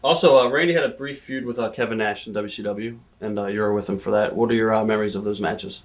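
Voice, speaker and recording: A woman with an extremely low voice conducts an interview. She asks casual, loose questions and chimes in with quick affirmations. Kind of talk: wrestling shoot interview.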